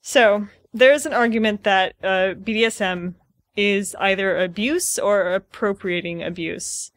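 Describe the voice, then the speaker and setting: A woman's voice: mid-range voice, steady tone, measured pace, dry recording. A young woman with a mid-range voice co-hosts a casual podcast. She talks loosely, thinking aloud with plenty of fillers. The sound is close and dry. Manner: casual, uses "like" often, reflective. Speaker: podcast co-host. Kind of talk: casual chat.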